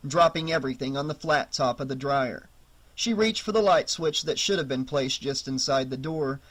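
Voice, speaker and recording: A man narrating a horror novel audiobook in a steady, measured storytelling voice. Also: fairly high pitch.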